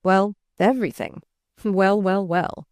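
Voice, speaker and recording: A woman voicing a charming, flustered gentleman who speaks to a child fondly and teasingly but uneasily, in an audiobook. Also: medium pitch, fairly even intonation, slow pace, dry recording, clean studio sound, natural voice.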